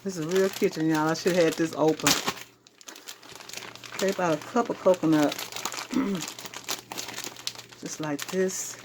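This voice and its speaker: A chatty Southern woman walks viewers through a recipe in her own kitchen, her voice sitting on the low side. Clear kitchen noise of handling and rustling runs behind her. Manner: chatty, addresses viewers as y'all. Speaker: home cooking show host. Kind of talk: casual cooking demonstration. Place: home kitchen.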